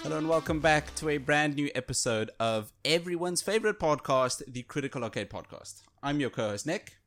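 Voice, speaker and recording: A man co-hosting a casual video game podcast, talking in an excitable, animated way. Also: fairly high pitch, brisk, soft background music. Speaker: podcast co-host. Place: home setup, virtual studio.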